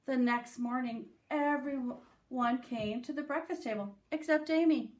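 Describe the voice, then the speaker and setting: A woman's voice: sits high, unhurried. A woman teacher reading a picture book aloud to young children, with small voices for the characters. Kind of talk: storybook read-aloud for children.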